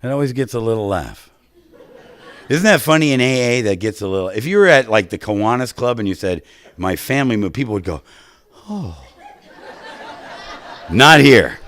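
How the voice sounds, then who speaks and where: Animated man telling his recovery story. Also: mid-range voice, quick pace. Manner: animated storytelling with frequent "right?" asides. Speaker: recovery meeting speaker. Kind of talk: personal recovery story to an audience.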